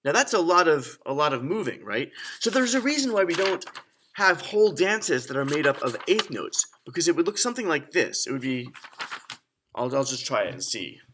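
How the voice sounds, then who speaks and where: A man's voice: fairly high pitch, very animated, moderate pace, noisy background. A young man teaching a children's music lesson, counting and chanting rhythms aloud in an upbeat way.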